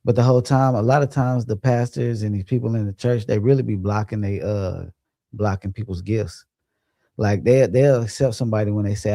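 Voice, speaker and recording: A man's voice: on the low side, fairly quick, mellow, dry recording, studio quality. A young man hosting a livestream, chatting casually and reading out viewer comments in a laid-back, rambling way, laughing often. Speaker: livestream host.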